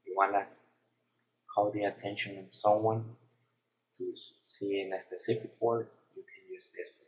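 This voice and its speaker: A man narrating a screen-recorded software tutorial, explaining each step in a plain, unhurried way. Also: on the low side, little pitch movement, poor audio.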